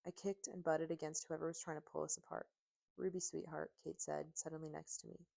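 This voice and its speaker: A woman narrating a first-person audiobook in steady, emotive storytelling on a close mic. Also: low-pitched, fast talker, vocal fry.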